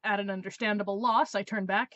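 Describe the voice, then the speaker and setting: A woman's voice: mid-range voice, steady tone, fast talker, a bit bright, dry recording, highs cut off. A woman in her twenties, a vlogger telling a story in a sarcastic, exasperated way. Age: 20s. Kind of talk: casual storytelling review.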